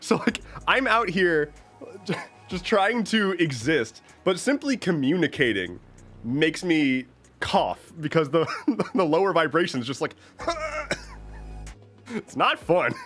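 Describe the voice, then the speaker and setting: A young man with a deep voice hosts a livestream, chatting about how he's recovering from being sick. He rambles and restarts sentences often, and his pitch swings widely as he talks. Faint music plays underneath. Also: big pitch swings, takes it slowly, fairly bright tone. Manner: rambling, self-interrupting, lots of "like" and restarts. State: getting over an illness, slight cough. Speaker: livestream host. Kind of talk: casual chat reading viewer comments.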